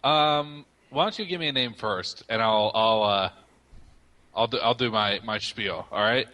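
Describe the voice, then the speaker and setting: A young man in a casual podcast chat, with a bright, slightly sharp tone. He explains things at length and pads his sentences with hesitant fillers. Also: on the low side, unhurried. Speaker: podcast co-host.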